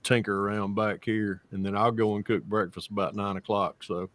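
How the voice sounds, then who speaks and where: A man's voice: lowish voice, steady tone, normal speed, fairly bright tone. A man hosting a casual video-call hangout, rambling through stories and laughing often. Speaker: host. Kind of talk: casual chat.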